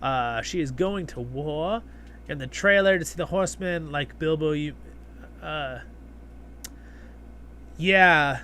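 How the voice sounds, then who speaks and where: A man's voice: fairly high pitch, slow, pauses often, sharp tone, a little hiss or hum. A man hosting a live stream, chatting casually and reading viewer comments aloud, rambling with fillers and restarts. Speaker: livestream host.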